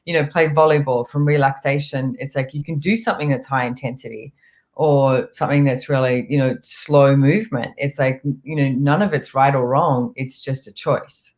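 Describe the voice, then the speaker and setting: A woman speaking as a guest in a relaxed conversation, telling stories and voicing what her body says. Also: very deep voice, normal speed. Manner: relaxed, storytelling, acts out her body's voice. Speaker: guest facilitator. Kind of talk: casual chat.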